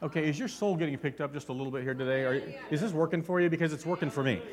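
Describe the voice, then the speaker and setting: A man's voice: a little high, racing, some chatter behind. A man preaching a sermon as pastor, fervent and constantly asking his congregation questions.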